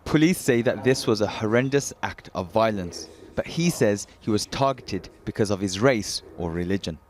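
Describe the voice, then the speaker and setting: A male reporter reading scripted news narration in a measured, matter-of-fact way. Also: on the low side, lively intonation.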